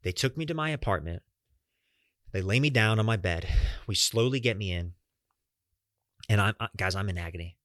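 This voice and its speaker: Young man, podcast host, lower voice, earnest personal storytelling, dry booth sound. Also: lively intonation, normal speed, long pauses, fairly bright tone, no room sound. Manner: earnest, talks straight to listeners as "guys"; swears casually.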